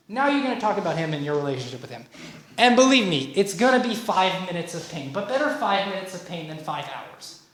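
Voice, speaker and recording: Female relationship coach, animated workshop delivery, echoey hall, light background hiss. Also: mid-range voice. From Canada. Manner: animated, frequent "okay?" and "right?" checks, acts out quoted voices. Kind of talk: lively workshop talk. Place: workshop room. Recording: echoey room, faint noise.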